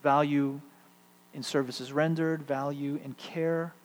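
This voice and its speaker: A middle-aged man preaching a sermon, shifting between loud emphatic peaks and hushed, quiet stretches. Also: on the high side, flat delivery, takes it slowly. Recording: long hall reverb, faint mains hum.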